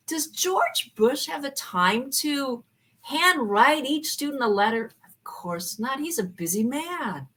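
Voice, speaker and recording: A woman, a former college professor, telling a personal story in an animated way and acting out the dialogue. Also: on the high side.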